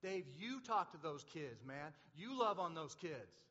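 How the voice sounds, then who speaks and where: A man preaching a sermon, impassioned, swinging from loud to soft. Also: on the high side, big pitch swings, a little slow. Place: church hall. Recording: dull, echoing hall.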